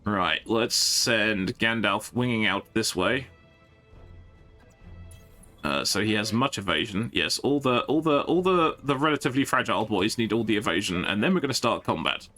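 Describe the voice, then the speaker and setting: A man's voice: on the low side, animated, moderate pace, bright, forceful tone, soft background music. A man giving casual, jokey live-stream commentary while playing a strategy game, often stumbling and restarting his sentences.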